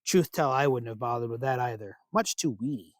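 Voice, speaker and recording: A man's voice: medium pitch, lively intonation, brisk, no echo, studio quality, natural voice. A man voicing an old woman in disguise who fusses with false concern over a mother's son. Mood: sweetly prying.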